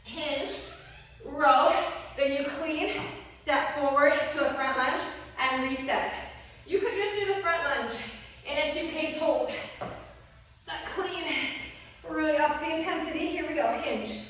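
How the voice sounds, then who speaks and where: A woman's voice: high voice, measured pace, long pauses, a bit bright, very echoey, recorded from a distance, poor audio. Breathless woman calling workout cues. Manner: short exercise cues, puffing between moves. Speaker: fitness instructor. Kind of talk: workout class cueing.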